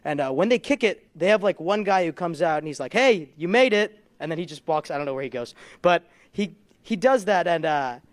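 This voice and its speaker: A young man on stage doing stand-up, his voice sitting notably high for a man. He rambles through self-deprecating stories, chuckling at his own lines. The sound is dry and close, with little room echo. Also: animated, brisk. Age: young adult. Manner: rambling, self-deprecating storytelling with frequent laughs. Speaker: stand-up comedian. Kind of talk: stand-up comedy set. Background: audience laughter.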